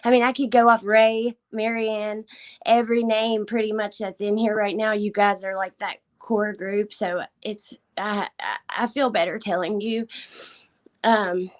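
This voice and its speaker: A woman's voice: medium pitch, flat delivery, unhurried. A woman hosting a casual livestream who is holding back tears. She thanks viewers by name, and her voice often drops to a whisper. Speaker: livestream host. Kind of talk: casual live-stream chat.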